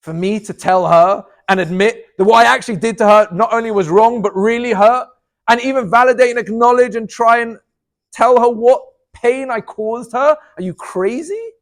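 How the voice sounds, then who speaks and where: Expressive rabbi with a high voice. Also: male voice, moderate pace. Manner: dynamic, swings between loud emphatic lines and soft low asides. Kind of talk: inspirational talk.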